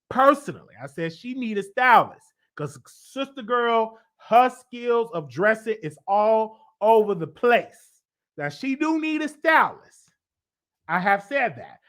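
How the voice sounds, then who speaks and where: A man with a sharp-edged, bright voice hosts a celebrity gossip show and offers blunt opinions. He's animated and leaps high in pitch to stress things, with a slight congestion that makes his voice stuffy throughout.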